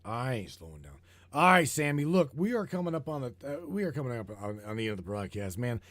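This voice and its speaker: A man hosting a broadcast, talking in a heated, profane, rambling way and repeating himself, his voice getting hoarse. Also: medium pitch, big pitch swings, quick pace, a bit bright, dry recording. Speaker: broadcast host. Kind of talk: rambling conspiracy talk show.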